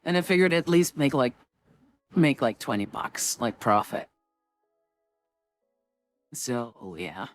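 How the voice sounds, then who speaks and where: A woman's voice: extremely low pitch, sing-song, slow, long pauses, no room sound, soft background music. A woman streamer chatting casually with her viewers before a tabletop game, rambling and full of filler words.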